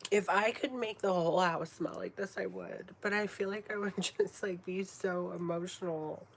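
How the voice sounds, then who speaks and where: A woman's voice: lowish voice, normal speed, vocal fry, few pauses. A woman in her late twenties chatting casually on a live stream, swearing freely and often dropping to a whisper. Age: late 20s. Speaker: livestreamer chatting with viewers. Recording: steady background noise.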